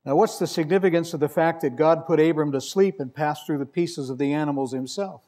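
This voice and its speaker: A man's voice: fairly high pitch, brisk, warm tone. A male preacher delivering a sermon, telling stories with dry humor and reading scripture with emphasis. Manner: wry, conversational storytelling with emphatic scripture reading.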